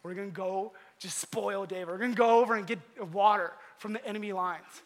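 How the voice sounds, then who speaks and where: A man voicing a band of bold young warriors, eager and excited, as part of a sermon story. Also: high-pitched, a little fast. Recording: long hall reverb.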